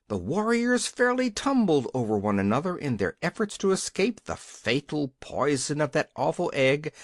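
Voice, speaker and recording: A man's voice: on the high side, no room sound, clean studio sound. A man reading a children's fantasy storybook aloud, giving the characters their own voices. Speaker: audiobook narrator. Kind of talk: scripted storybook narration.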